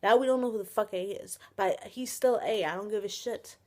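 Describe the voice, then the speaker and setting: A young woman vents to her camera in an exasperated, swearing rant. She sighs often and her pitch sits mid-range. It sounds like a casual home vlog on a built-in camera mic. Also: a little fast, warm tone. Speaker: vlogger reviewing a TV episode. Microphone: webcam or built-in camera mic.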